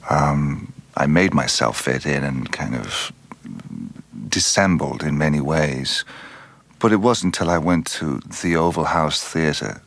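Deep-voiced man reflecting thoughtfully. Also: creaky, a bit bright, no echo. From Ireland. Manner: thoughtful, unhurried, with frequent restarts and trailing phrases. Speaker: actor, interview guest. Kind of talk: reflective interview conversation.

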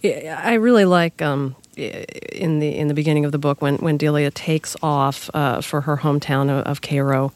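A woman sitting in as a radio interview host, reading a composed introduction and asking measured questions. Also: deep voice, a little mellow, no room sound. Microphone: studio microphone. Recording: dry studio sound.

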